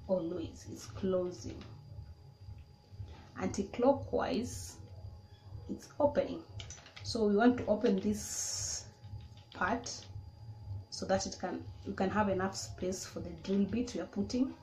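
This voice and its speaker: A woman's voice: mid-range voice, takes it slowly, long pauses, darkish tone. A woman, showing how to use a tool in a casual, step-by-step way. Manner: plain, step-by-step explaining. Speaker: DIY vlogger. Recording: echoey room with clear noise.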